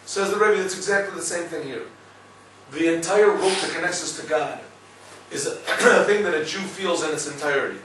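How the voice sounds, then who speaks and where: A man's voice: a little high, brisk, recorded from a distance, a little hiss or hum. Man teaching a class in an echoey room. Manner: storytelling, lively, asks listeners "right?". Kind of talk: Torah class lecture.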